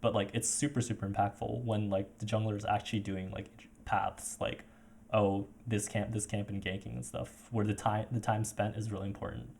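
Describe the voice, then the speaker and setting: A man's voice: lowish voice, little pitch movement, normal speed, vocal fry, a little mellow, slight background noise. A man coaching a player over a voice call, talking casually with many fillers and restarts.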